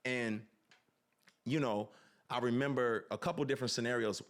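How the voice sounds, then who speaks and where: A man on a podcast earnestly reflects on authenticity and tells personal stories in an animated way. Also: medium pitch, moderate pace. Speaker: podcast guest. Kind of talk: reflective storytelling.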